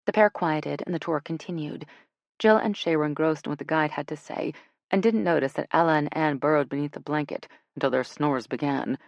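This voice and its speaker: Gravelly low-voiced woman narrating. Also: brisk, dry recording, highs cut off. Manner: relaxed, expressive storytelling. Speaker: audiobook narrator. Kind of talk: scripted narration.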